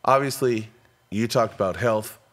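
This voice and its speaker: A man in his fifties hosts a casual podcast interview. His voice sits somewhat low. He keeps things friendly with self-deprecating asides and quick affirmations. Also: fairly bright tone. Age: 50s. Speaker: podcast host.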